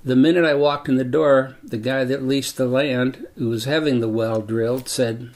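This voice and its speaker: Gravelly elderly man recounting a memory. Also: medium pitch, steady tone, a little mellow. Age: 80s. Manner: measured, deliberate reminiscing. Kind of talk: personal storytelling.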